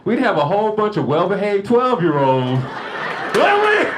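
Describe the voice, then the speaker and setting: A man doing a stand-up comedy set at a lodge, telling family stories, acting out the people in them with shouts and laughing at his own jokes. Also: high voice, moderate pace, very noisy. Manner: animated storytelling, acting out family members in shouted bits. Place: lodge hall before a live audience.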